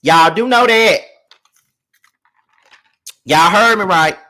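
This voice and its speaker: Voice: mid-range voice, slow, bright, forceful tone. A host giving casual gossip commentary to viewers, with a sassy, chatty manner and free swearing.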